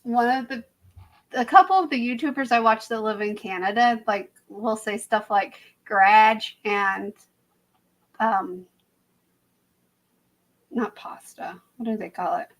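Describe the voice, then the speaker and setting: A young woman with a faint Southern US accent talks in an easy, meandering live-stream chat. Her voice sits a little on the high side, and she breaks off into laughter and loses her thread now and then. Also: measured pace, pauses often, poor audio. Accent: slight Southern US. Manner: rambling, laughs often, trails off mid-sentence. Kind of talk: casual chat.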